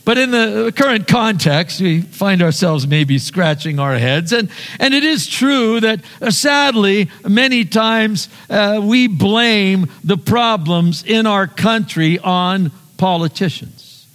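A man's voice: high-pitched, expressive, slow pace, hardly any pauses, a bit bright, long reverb tail. A male pastor preaching a conversational sermon, earnest, often repeating words and asking the congregation questions.

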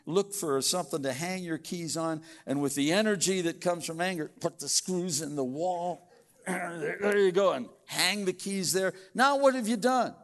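A man's voice: high voice, moderate pace, in a large hall. A man preaching a sermon in a casual, conversational way, often restarting and acting out what people say. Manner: conversational preaching with frequent restarts and acted-out quotes. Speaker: pastor.

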